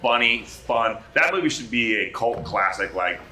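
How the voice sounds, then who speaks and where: A male actor, a guest on a bar talk show, telling animated stories with lots of restarts and swearing. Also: medium pitch, normal speed, reverberant, slight background noise, poor audio. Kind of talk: casual chat, anecdote telling.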